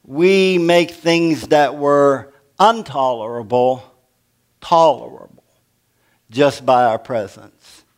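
A man's voice: mid-range voice, takes it slowly, clear, resonant tone. An older man preaching a sermon as pastor, folksy and humorous, asking the congregation questions.

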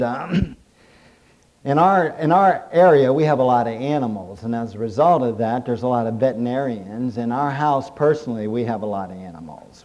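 Folksy joking preacher, mellow voice. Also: male voice, mid-range voice. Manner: folksy storytelling with jokes and chuckles. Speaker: pastor. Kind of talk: humorous sermon.

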